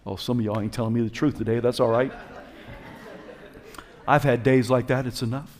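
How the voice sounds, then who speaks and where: A male preacher giving a passionate sermon, calling out to his congregation and swinging between loud exhortation and quiet, hushed moments. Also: medium pitch, fairly even intonation, normal speed, a faint crowd. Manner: passionate, call-and-response, swings from shouts to hushed.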